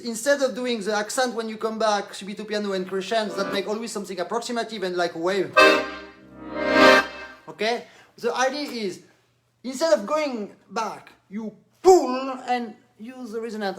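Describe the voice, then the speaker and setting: A man with a French accent giving an animated live-stream accordion lesson, demonstrating as he talks and slipping into French. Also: sits high. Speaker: accordion teacher.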